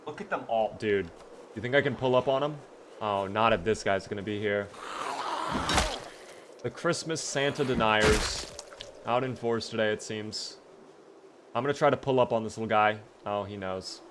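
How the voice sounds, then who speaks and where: A man streaming a survival game live, chatting to his viewers and reacting with sudden bursts of excitement. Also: lowish voice, moderate pace, long pauses, background noise.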